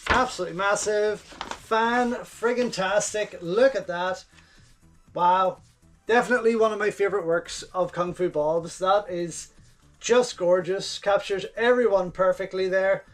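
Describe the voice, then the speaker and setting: A man's voice: high voice, steady tone, normal speed, soft background music. A man, hosting his channel and gushing his way through a casual unboxing commentary, repeating his words of praise. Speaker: channel host reviewing home video releases.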